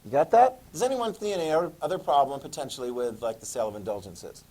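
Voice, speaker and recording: A man giving a classroom history lecture, animated and playful, acting out quotes in a classroom. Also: mid-range voice, fast. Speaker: history teacher.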